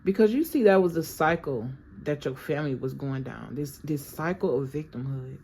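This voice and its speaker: A woman with a low voice gives a casual tarot reading, speaking straight to her viewers. Her talk is chatty and full of slang. A faint noise sits under the recording. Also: animated, normal speed, warm tone. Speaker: tarot reader.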